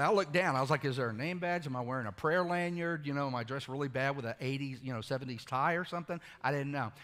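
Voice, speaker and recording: A male pastor preaching a sermon, telling stories casually and moving between hushed, intimate lines and loud, shouted exclamations. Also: a little high, in a large hall.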